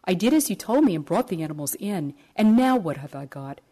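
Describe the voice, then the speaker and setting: A woman's voice: fairly low pitch, sing-song, brisk, dark tone. A woman voicing a desperate poor man at the end of his rope, pleading and wailing about his troubles in a told story.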